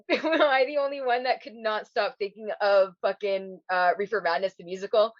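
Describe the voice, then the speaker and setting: A woman's voice: mid-range voice, fairly even intonation, moderate pace, dry recording. Laughing, foul-mouthed woman podcaster. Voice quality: swears freely, laughs often. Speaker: podcast co-host. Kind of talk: casual chat. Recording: dull, lo-fi dry sound.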